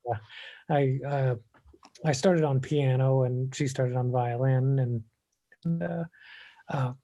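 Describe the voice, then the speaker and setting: A man from Illinois, a guest musician answering interview questions in a halting way, with many pauses and fillers. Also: medium pitch, mellow. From Illinois, USA.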